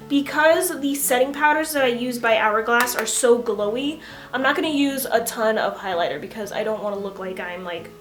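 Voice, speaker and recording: Young woman beauty vlogger, fairly high voice, chatty and giggly, faint music underneath. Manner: animated storytelling, casual and giggly. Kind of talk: chatty makeup tutorial.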